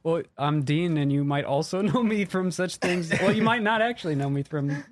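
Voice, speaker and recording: A curious man is a guest on a casual podcast, asking questions in a relaxed way. His voice sits slightly higher than most men's. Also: moderate pace, dry recording.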